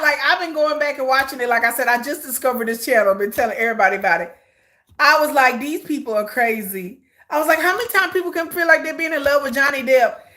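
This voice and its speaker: Bright high-voiced woman chatting on a live stream. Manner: animated, laughing, shrieks and squeals names at the screen; gossipy, talks straight to viewers as "girl". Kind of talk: casual live-stream chat. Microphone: phone or camera on a tripod.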